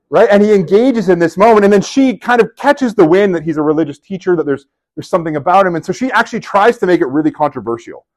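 A man giving a sermon in a conversational, animated storytelling way, with casual asides to his listeners. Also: high voice, fast talker, hardly any pauses. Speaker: preacher.

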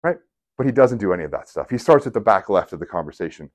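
A man giving a sermon in a conversational, animated storytelling way, with casual asides to his listeners. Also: on the low side, quick pace. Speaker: preacher.

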